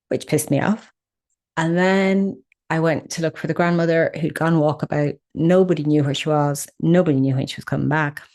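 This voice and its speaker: A middle-aged woman hosting a podcast, telling a personal story in an expressive, animated way. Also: lowish voice. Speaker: podcast host.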